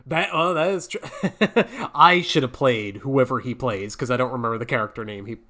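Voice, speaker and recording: A man co-hosting a podcast in casual chat, chatty, laughing often and tossing in quick asides. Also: medium pitch, sharp tone. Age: older than his co-hosts. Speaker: podcast co-host.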